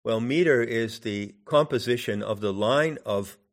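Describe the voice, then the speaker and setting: An older man giving a measured, deliberate lecture on poetry, lingering on key words as he explains them. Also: medium pitch. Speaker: teacher.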